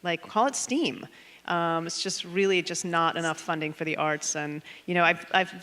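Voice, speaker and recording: A woman's voice: fairly low pitch, flat delivery, moderate pace, bright, forceful tone, clean tone. A woman from the United States speaking as a panelist, emphatic and frustrated.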